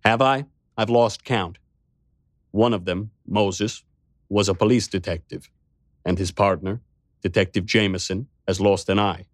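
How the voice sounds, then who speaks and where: A man putting on a wealthy, unhinged tycoon who scolds sternly while fear creeps under the surface. The voice sits low and is recorded close and dry, as in an audiobook. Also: steady tone, measured pace, dry recording, lightly acted. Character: rich powerful madman, fearful, male.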